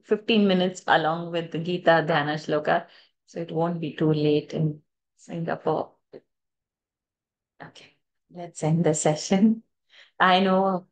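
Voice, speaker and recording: A woman leading a scripture chanting class over a video call. She talks casually and loosely, laughs often and trails off mid-sentence before picking the thought back up. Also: fairly low pitch. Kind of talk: casual online class chat.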